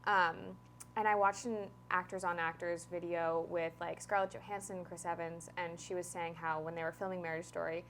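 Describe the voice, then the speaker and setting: A young woman hosts a relaxed interview, her voice a little lower than most women's. She talks in a friendly, chatty way, filling pauses with "um" and "like", over a faint background hum. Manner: friendly, chatty, frequent fillers. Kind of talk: casual interview chat.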